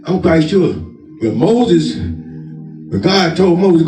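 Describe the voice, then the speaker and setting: A man preaching a sermon in a loud, forceful, commanding manner. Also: a little high, animated, slow pace. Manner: emphatic, loud, commanding, says he talks with force. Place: church. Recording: echoey church with organ music behind.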